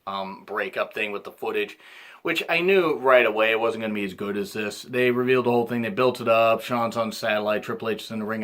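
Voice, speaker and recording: A man in his thirties giving a rambling casual recap as a reviewer, often clearing his throat and restarting his sentences. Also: fairly low pitch, a little fast, fairly bright tone. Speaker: wrestling reviewer.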